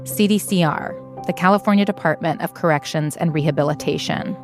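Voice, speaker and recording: A woman narrating an investigative documentary in a measured, matter-of-fact way. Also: low-pitched, over music. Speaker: narrator reporter.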